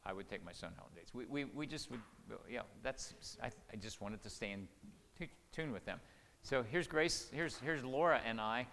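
A middle-aged man preaching, telling family stories in an earnest, folksy way and going soft and quiet when quoting his own words. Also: lowish voice. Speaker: pastor or marriage speaker. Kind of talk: sermon with personal stories. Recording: reverberant hall, faint noise.

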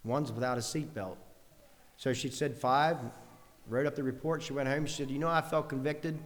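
A man's voice: medium pitch, steady tone, moderate pace, in a large hall. A man preaching a sermon in an earnest way, building long lists with rising emphasis.

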